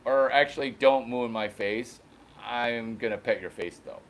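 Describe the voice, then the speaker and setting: A man's voice: medium pitch, moderate pace, voice pushed down, natural voice. A man voicing a big, old, laid-back male cow who talks in blunt, crude slang and calls people bro. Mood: gruff.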